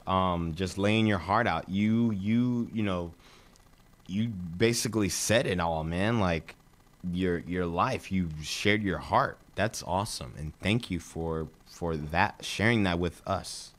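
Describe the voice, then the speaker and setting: A man hosting a radio talk show in a studio, thanking his guest in an encouraging, casual way full of fillers. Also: deep voice. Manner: warmly encouraging, filler-heavy.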